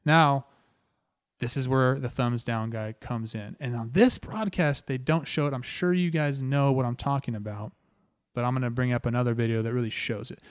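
A man in his thirties tells a story about his playing days over game footage, animated and ready to poke fun at himself. His voice sits in the middle range for a man. The sound is close and dry, with no room around it. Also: mid-range voice, normal speed, clean tone, no room sound. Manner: animated, self-deprecating, chatty. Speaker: host, former pro baseball player.

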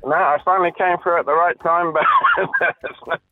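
A man calling a radio quiz, relaxed and giggly. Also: a little high, fairly quick, faint music behind. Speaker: caller. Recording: lo-fi phone line.

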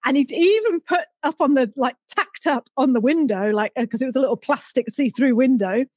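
British woman, middle-aged, high bright register, animated storyteller, dry booth sound. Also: a little fast, no room sound. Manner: animated, laughs often, acts out voices in quotes. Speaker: guest storyteller. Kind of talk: casual anecdote telling.

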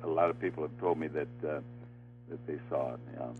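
A man's voice: a bass voice, fairly even intonation. Older man telling stories over phone. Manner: halting anecdote full of uh fillers, laughing as he tells it. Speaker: interview guest, former game show host. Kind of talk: storytelling in an interview. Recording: tinny phone line with faint music.

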